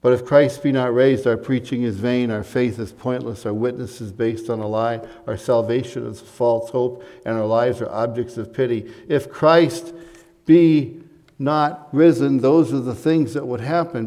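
A man delivers a sermon with a warm, mellow tone, pressing his points with rising emphasis between casual asides. His voice rings out in a big church hall with a long, trailing reverb. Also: medium pitch, fairly even intonation, moderate pace. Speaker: preacher.

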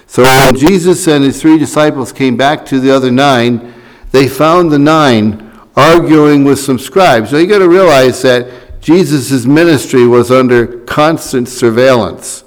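A man's voice: mid-range voice, measured pace, rough recording. A man preaching a sermon, reading scripture and then explaining it in a loose, conversational way with asides and restarts.

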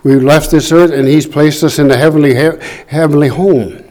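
A man preaching a sermon in a slow, deliberate way, reading scripture aloud to the room. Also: fairly high pitch, steady tone, warm tone, low-quality recording. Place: church room.

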